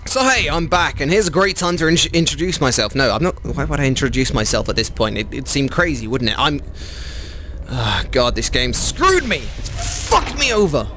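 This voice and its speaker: A gaming YouTuber playing a VR horror game, chatty and swearing, who talks to the monsters in a mock bro voice and shrieks when scared. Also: male voice, mid-range voice, sing-song, normal speed, music in the background. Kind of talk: comedic VR horror let's play.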